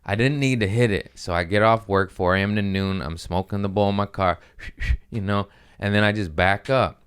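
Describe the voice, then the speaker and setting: A man hosting a comedy podcast, telling a story in a casual, profane, animated way and jumping into quick voices. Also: fairly low pitch, clean tone.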